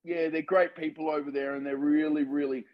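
A man, a filmmaker guest, chatting casually and telling animated stories in an interview. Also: a little high, fairly quick, muffled recording.

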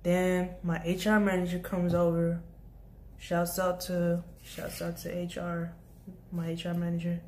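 A woman's voice: on the low side, monotone, a little slow, darkish tone, slight background noise. A young woman vlogger telling a casual storytime about her job, rambling with many restarts and asides. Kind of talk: storytime vlog.

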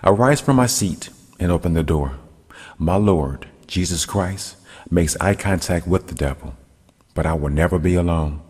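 A man reading his own first-person story aloud in an earnest, measured way. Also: low voice, a little mellow, breathy edge. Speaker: amateur storyteller. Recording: long hall reverb.

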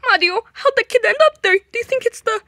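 A man's voice: very high-pitched, fast talker, sharp tone, no room sound, studio quality, full character voice. A man doing a worried, gullible Luigi. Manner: worried, pleading. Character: soft-hearted, gullible brother. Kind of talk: puppet fan video voice acting.

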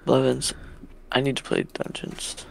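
A man's voice: mid-range voice, completely flat delivery, a little slow, vocal fry, a little mellow, no room sound. A young man streaming a video game, grumbling and swearing at the game as he plays. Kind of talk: casual gaming stream talk.

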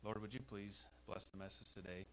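A man with an American accent preaching a sermon as pastor in a church, emphatic and rising to loud exhortations. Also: lowish voice, fairly quick, rough recording. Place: church sanctuary. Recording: faint hum behind the voice.

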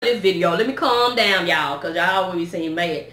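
A woman vlogging in a casual, exasperated rant, talking in a lively, colloquial way. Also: on the low side, fairly quick, few pauses, reverberant. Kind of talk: casual ranting vlog.

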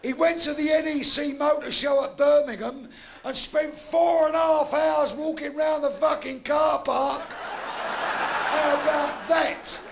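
Gravelly high-pitched comic. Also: male voice, flat delivery, takes it slowly, slight background noise. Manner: blunt, crude punchline delivery with swearing. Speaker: stand-up comedian. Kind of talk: live stand-up routine. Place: live club stage.

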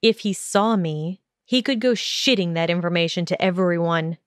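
A woman's voice: normal speed, clear, resonant tone, no room sound, studio quality, close to an everyday voice. Woman reading as a sneering cold teen wizard boy. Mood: contemptuous. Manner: low, harsh and sneering.

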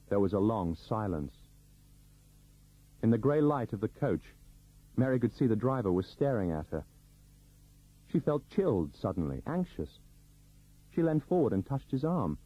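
Guy reading an audiobook, kinda husky, lots of ups and downs in his voice. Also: on the low side, animated, moderate pace, long pauses. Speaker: audiobook narrator. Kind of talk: scripted narration. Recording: dull lo-fi recording.

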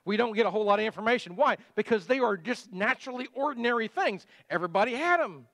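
A man's voice: high-pitched, animated, quick pace, a bit bright, no echo. A middle-aged male pastor giving a conversational sermon full of rhetorical questions.

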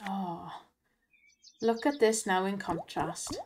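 A woman, chatty and excitable, giving casual commentary to viewers over slot play and laughing often. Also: medium pitch, slow pace, background noise. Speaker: slot gaming channel host. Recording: music loud behind voice.

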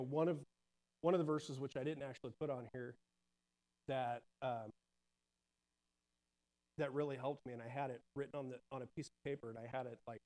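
A man sharing a personal testimony at a church service, earnest and halting, with many restarts and fillers. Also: medium pitch, a little mellow, rough recording.

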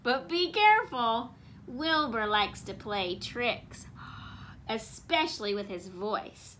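Storybook figure: a woman doing a cheerful male elephant, bold and emphatic, lively pitch. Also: slow pace, a little hiss or hum. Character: cheerful male patchwork elephant, friendly and playful. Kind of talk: reading a picture book aloud.

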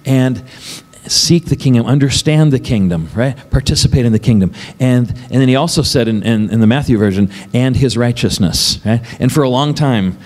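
A man preaches a sermon as pastor, talking conversationally and tossing questions to the congregation. He laughs often between points. His voice sits at a middle pitch and rings with a long reverb in the church hall. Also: moderate pace, a little mellow.

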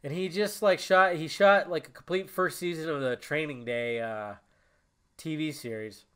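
A man's voice: fairly high pitch, normal speed, fairly bright tone, clean tone. A young man hosting a casual solo podcast, rambling and emotional, cursing often as he talks. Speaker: podcast host.

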